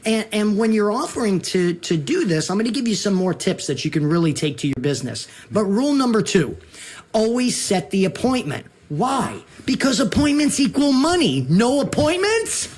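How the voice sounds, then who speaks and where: A man's voice: sits high, sing-song, moderate pace, slightly rough. A man, a real estate broker, giving emphatic and punchy sales coaching as a guest on a talk show. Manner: emphatic, punchy repeated rules.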